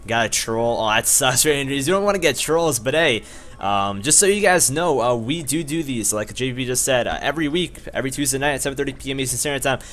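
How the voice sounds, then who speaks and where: Brief: male streamer, rapid casual chatter, friendly shout-outs, mid pitch. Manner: fast, upbeat shout-outs to chat viewers. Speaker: streamer host. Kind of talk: casual live-stream chat.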